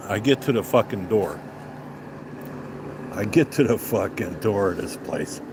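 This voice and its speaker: An older man tells a road story outdoors in an angry, profane rant, swearing with nearly every line. His pitch swings widely as he goes. A faint outdoor ambience sits behind him. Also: animated, measured pace, long pauses, background noise. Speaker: vlogger. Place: outdoors on a restaurant patio.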